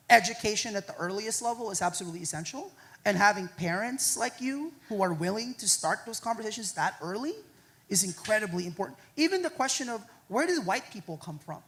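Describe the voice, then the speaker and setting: A man speaking at a university lecture hall, answering audience questions in a lively, joking way and often tagging his points with "right?". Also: very high voice, a little fast, a little hiss or hum. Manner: animated, joking, keeps adding "right?". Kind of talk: public talk Q&A.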